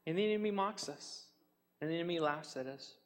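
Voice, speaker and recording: A man's voice: a little high, quick pace. A man preaching a sermon as pastor, earnest and emphatic, often repeating his points. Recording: long hall reverb.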